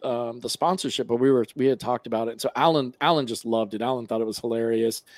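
A man's voice: mid-range voice, fairly even intonation, quick pace, no room sound. Rambling man chatting on a podcast. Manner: rambling with many fillers and restarts. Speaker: podcast co-host, guest. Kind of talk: casual podcast chat.

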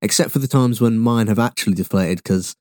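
A young Englishman co-hosts a podcast, chatting casually and rambling with jokes, swearing, and sudden pitch jumps. His voice is brisk and darkish, captured in clean studio sound with no echo.

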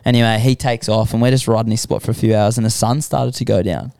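Smooth-voiced Australian guy telling stories. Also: lowish voice, fast, dry recording, clean studio sound. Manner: animated storyteller, acts out quoted people, laughs often. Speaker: podcast guest, extreme sports athlete. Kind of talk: casual storytelling chat.

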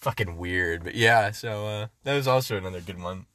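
A man's voice: lowish voice, normal speed, bright, forceful tone, no echo. A young man in crude casual chat as a podcast co-host, laughing often and acting out the people he quotes.

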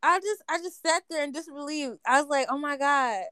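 High-voiced young woman, lively storytelling. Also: brisk, no echo. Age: young adult. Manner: animated, slangy, acts out her own past lines. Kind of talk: casual storytelling chat.

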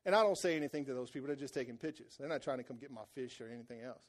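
A man preaching a sermon as a folksy personal story, loud and emphatic. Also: medium pitch, very fast. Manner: folksy storytelling, voices quoted people.

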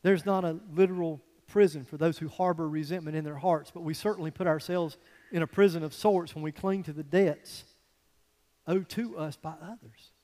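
Pastor guy preaching, pretty high voice, big reverb-y church hall, goes quiet then loud. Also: steady tone, normal speed. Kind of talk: sermon.

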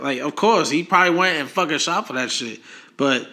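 Bright-voiced man chatting casually. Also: a little high, fairly quick. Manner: animated, swearing, laughing storyteller. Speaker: podcast co-host. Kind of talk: casual chat.

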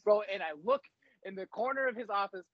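A laid-back young podcast co-host with a high voice talks briskly, cursing constantly and calling everyone bro while trading army stories in casual conversation. His dry, lo-fi mic sounds a little dull, with no echo.

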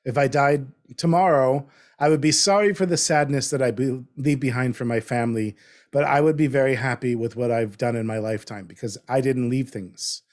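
A man in his fifties talking in a relaxed conversation, reflective and getting animated as he makes a point. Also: medium pitch, brisk. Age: 50s. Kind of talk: casual conversation.

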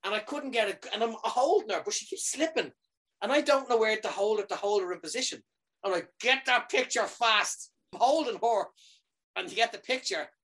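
A man whose voice sits high recounts a funny tale casually and with lots of energy, swearing without restraint. He frequently pauses on a "right?" to make sure his listener is following along.

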